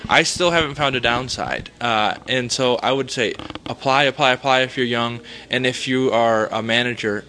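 A man with a Minnesotan accent, a guest who speaks with plenty of enthusiasm. His voice is bright and forward, and his tone stays playful. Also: mid-range voice, moderate pace, few pauses, a little hiss or hum. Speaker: guest, competition winner. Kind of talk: casual interview chat.

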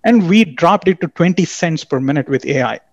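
A man's voice: fairly high pitch, animated, brisk, dry recording, dull audio. A man talking as a startup executive in a casual business conversation, full of fillers and tag questions. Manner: filler-heavy, tags statements with "right?".

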